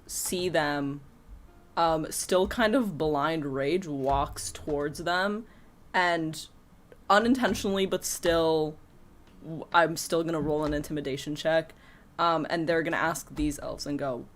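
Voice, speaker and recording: A woman's voice: low voice, a little slow. A woman playing a tabletop game, hesitantly describing what her character does. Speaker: player.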